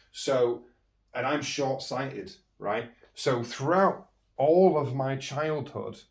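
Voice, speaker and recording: A British man tells his own life stories in a loose, rambling way, circling back on his words as he goes. His voice sits at an ordinary middle pitch. The recording has a noticeable echo from the room around him. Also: far from the mic. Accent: British English. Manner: rambling and candid, with frequent restarts and chuckles. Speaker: podcast host. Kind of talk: candid personal storytelling.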